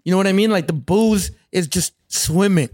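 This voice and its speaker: A Canadian man tells a rowdy story in a high, lively voice, swearing freely and slipping into other people's voices. The sound is close and dry, with no room around him. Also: moderate pace, no room sound. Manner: profane, animated, acts out other people's voices. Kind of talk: casual storytelling.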